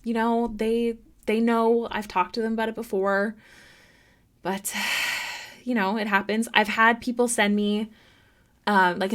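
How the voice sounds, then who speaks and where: A woman's voice: medium pitch, fairly bright tone. Chatty woman streamer reading chat. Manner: chatty, reads chat messages aloud, many fillers. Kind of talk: casual live-stream chat.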